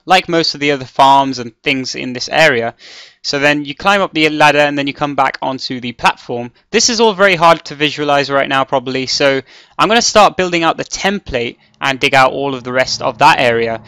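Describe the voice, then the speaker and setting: A man's voice: medium pitch, a little fast, bright, forceful tone, smooth, no room sound. A man giving casual gameplay commentary as he builds, rambling and thinking aloud with many ums and restarts. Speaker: Minecraft let's player.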